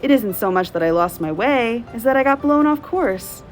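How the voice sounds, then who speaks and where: Woman reading as a creaky old lady stranger, genteel, high, prim, slow drawn-out words, storybook read-aloud. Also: expressive, faint music behind, close to an everyday voice. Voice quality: creaky, like an unoiled gate.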